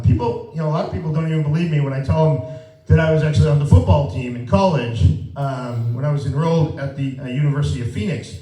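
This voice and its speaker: A man doing a stand-up comedy set, talking casually and self-deprecatingly, and turning animated when he acts out his own side of a story. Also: on the high side. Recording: roomy live venue, mic heard from a distance. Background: audience laughter.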